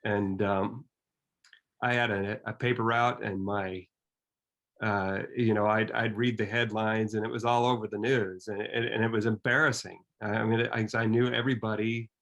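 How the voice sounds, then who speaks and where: A man's voice: fairly low pitch, level tone, fairly bright tone. Earnest reflective man in his fifties. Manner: earnest and reflective, with halting restarts. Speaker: storyteller. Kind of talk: personal storytelling.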